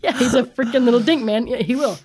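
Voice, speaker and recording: A woman's voice: a little high, quick pace, a little mellow, slightly rough. A woman, a mother of boys, venting bluntly in casual chat, swearing a lot and laughing at her own frustration. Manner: blunt, heavily profane, laughs while venting.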